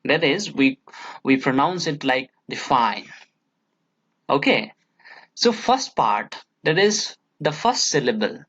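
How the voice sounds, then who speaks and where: A man with an Indian English accent, a college English lecturer explaining verse meter slowly and patiently and checking in with "okay" again and again. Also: a little high, animated, fairly bright tone, slightly rough. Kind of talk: recorded classroom lecture. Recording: dull lo-fi audio.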